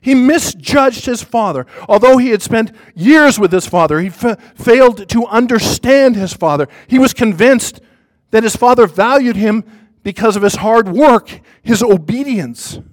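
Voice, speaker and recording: High-voiced preacher, emphatic sermon. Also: male voice, lively intonation, unhurried. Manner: emphatic, repetitive, swings from loud to hushed. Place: church before a congregation.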